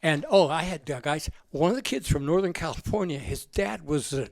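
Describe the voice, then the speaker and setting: An older man spins loose, salty anecdotes, laughing as he goes. His voice is gravelly and sits a little high for a man, and it is recorded close and dry. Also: brisk, darkish tone, dry recording. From United States. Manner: rambling, profane and laughing. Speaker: guest. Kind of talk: casual storytelling.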